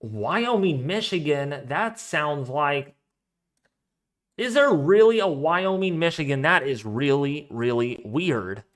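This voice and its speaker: A man's voice: on the high side, animated, slow pace. A man hosting a weather live stream, chatting casually and rambling as he thinks aloud while reading out viewer donations. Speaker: weather livestream host.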